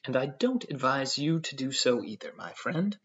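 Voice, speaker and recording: A man voicing a self-important civil servant who lectures calmly and at length. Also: medium pitch, husky. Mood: pompous tranquil. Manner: measured, lecturing tone. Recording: dull lo-fi audio.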